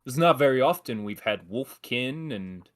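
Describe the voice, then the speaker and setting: A man running a tabletop game on a live stream, narrating with many pauses and fillers. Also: mid-range voice, lively intonation. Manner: hesitant, many fillers, apologetic. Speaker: game master.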